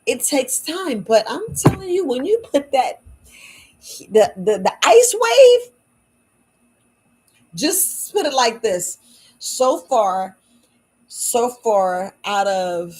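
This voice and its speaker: A woman with a husky, breathy voice talks low and unhurried, worn out after a long day. She chats casually with her audience, leaning on repeated words and folksy phrasing to drive a point home. Her voice sits at an ordinary middle pitch. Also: a little mellow, low-quality recording. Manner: low-voiced, repetitive and emphatic, folksy speech. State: tired, worn out. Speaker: herbal shop owner selling wellness patches. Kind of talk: casual late-night livestream talk. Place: at home at night.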